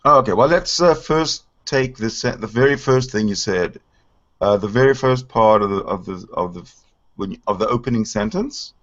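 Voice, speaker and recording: A male host on a casual talk show, questioning and challenging a caller with halting restarts. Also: lowish voice, lively intonation, a bit bright. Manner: interrupting, challenging, hesitant restarts. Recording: lo-fi stream audio.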